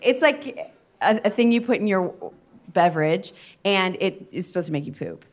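A woman's voice: mid-range voice, lively intonation, normal speed, slight background noise. Chatty woman telling funny stories. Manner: chatty, self-deprecating storyteller. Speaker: guest. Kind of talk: casual podcast chat.

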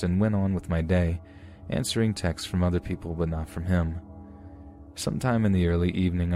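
A man narrating true scary stories in a measured, steady way. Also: sits low. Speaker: podcast narrator. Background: faint music.

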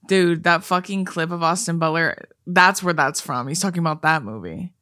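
A young woman co-hosting a podcast in casual chat, animated, swearing freely and bursting into shrieking laughter. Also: lowish voice, normal speed, dry recording, studio quality. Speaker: podcast co-host.

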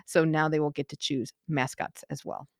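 A woman's voice: low-pitched, fairly even intonation, normal speed, no echo, clean studio sound. A woman co-hosting a podcast, chatting casually and laughing often. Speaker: podcast co-host.

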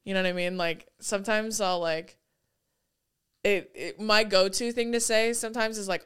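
A woman's voice: mid-range voice, steady tone, moderate pace, a bit bright, clean tone. A young woman chatting casually as a podcast co-host, swearing freely and acting out little quotes. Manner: swearing, chatty, quotes people in put-on lines. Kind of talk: casual chat.

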